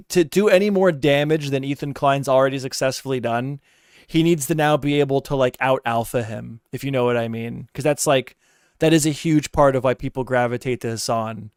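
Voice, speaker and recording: A man's voice: mid-range voice, a little mellow, clear, resonant tone, no echo, studio quality. A young man giving casual, blunt reaction commentary, rambling and opinionated with plenty of profanity. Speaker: streamer reacting to a podcast clip.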